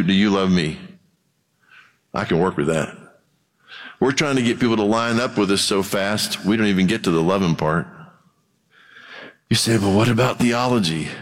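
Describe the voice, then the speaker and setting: A man preaching a sermon, conversational and animated, acting out the voices of the people he quotes. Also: lowish voice. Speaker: pastor. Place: church. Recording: long reverb of a church hall.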